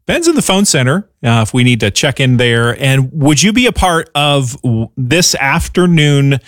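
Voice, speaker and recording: A man co-hosting a radio fundraising drive, joking playfully and reading phone numbers out slowly in a studio. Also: medium pitch, expressive, a bit bright, no echo. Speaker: radio co-host.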